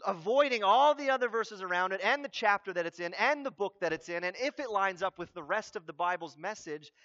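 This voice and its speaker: A man preaching a sermon as a pastor, with humorous and animated delivery. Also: high-pitched, fairly quick. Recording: dull lo-fi recording.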